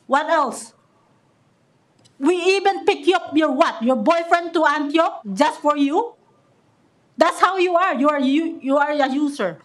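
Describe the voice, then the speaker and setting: A woman with a high voice speaks at a podium microphone in a council chamber. She is angry and accusatory, and she stumbles and repeats her words as she gives her public comment.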